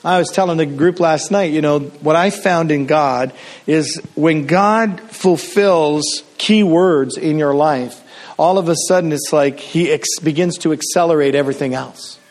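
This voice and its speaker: A man's voice: a little high, measured pace. A middle-aged man from Canada preaching a sermon as a pastor, telling stories casually with frequent restarts and fillers.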